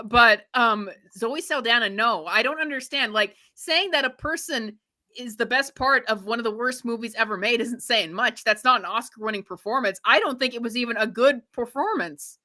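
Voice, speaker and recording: A young woman hosts a live reaction stream, rambling through her opinions with plenty of restarts. Her voice sits a little high and has a bright, sharp edge. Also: normal speed.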